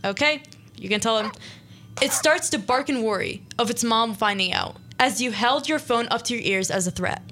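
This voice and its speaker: A young woman hosting a small radio show, reading her own interactive story aloud in a playful, quick way. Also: on the high side, bright, forceful tone, a little hiss or hum. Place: small studio.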